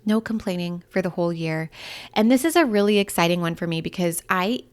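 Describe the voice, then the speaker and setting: A woman's voice: on the low side, fairly quick. A woman in her thirties hosting a solo podcast, chatting in an upbeat, candid way with lots of fillers. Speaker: podcast host and breakup coach. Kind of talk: casual solo podcast talk.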